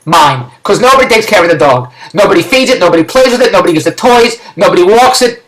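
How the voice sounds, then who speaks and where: Rapid, high-pitched ranting man. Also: animated, reverberant, poor audio. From Philadelphia. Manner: rambling, exasperated, loud rants. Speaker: vlogger. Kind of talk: ranting video blog.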